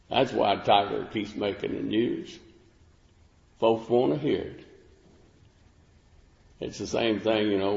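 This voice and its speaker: Folksy preacher in an echoey hall. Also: male voice, fairly low pitch, creaky, a little mellow. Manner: folksy, unhurried, with fillers and restarts. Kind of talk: sermon. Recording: echoey room with long reverb, dull lo-fi sound.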